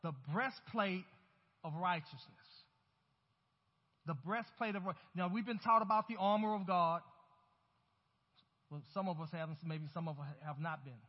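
A male pastor delivers a sermon, rising in emphasis as he calls on his congregation to answer back. His voice sits high and carries some huskiness. The recording is muffled and dull, with a long reverb from the sanctuary. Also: a little slow, pauses often. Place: church sanctuary. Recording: dull, hollow-sounding church recording.

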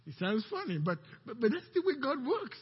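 High-voiced, husky preaching man. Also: brisk, long reverb tail, lo-fi sound. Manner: animated preaching, asking the congregation questions. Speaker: pastor. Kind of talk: sermon. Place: church sanctuary.

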